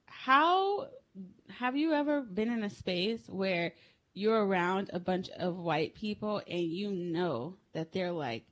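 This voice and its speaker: A young woman co-hosting a podcast, telling a crude story with loud laughter and lively, animated storytelling. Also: mid-range voice, slow pace. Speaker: podcast co-host. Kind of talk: casual chat.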